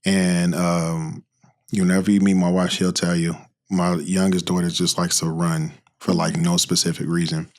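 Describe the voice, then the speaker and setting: Deep-voiced middle-aged male host. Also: moderate pace. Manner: sympathetic, relaxed storyteller. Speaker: podcast host. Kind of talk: conversational interview.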